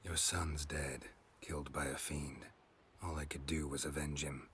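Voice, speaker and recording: A gruff, stoic monster hunter. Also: male voice, very deep voice, little pitch movement, a little slow, a bit bright, slight background noise, exaggerated voice. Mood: somber. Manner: terse and stoic. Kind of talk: video game voice acting.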